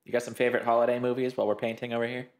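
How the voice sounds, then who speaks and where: A man's voice: mid-range voice, flat delivery, very fast. A man chatting casually with his wife during her painting lesson, with easygoing teasing banter. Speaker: co-host and video editor. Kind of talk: casual chat. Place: home art studio.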